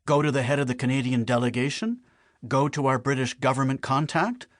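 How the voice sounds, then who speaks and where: A man narrating an audiobook in the first person with wry, deadpan humor on a close studio mic. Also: medium pitch, brisk, no echo.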